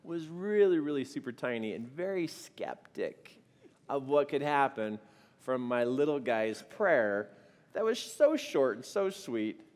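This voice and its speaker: A middle-aged man telling a funny personal story to an audience, animated and self-mocking. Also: medium pitch, measured pace, big-room sound.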